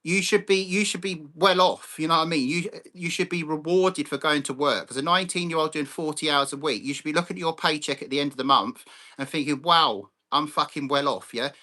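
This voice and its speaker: Blunt, sweary man with a bright voice. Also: on the high side. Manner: blunt, sweary, ranting, greets chat viewers by name. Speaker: livestream host. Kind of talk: live chat stream.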